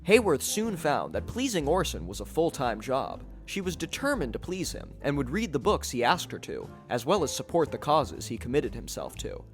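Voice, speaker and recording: A man narrating a podcast episode in a measured storytelling delivery. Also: on the high side, big pitch swings, faint music behind.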